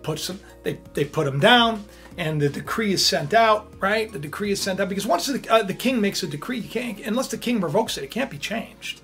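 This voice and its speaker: A woman preaching, telling a Bible story in a lively, conversational way and acting out the characters. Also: mid-range voice, fairly quick, faint music behind. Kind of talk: animated sermon storytelling.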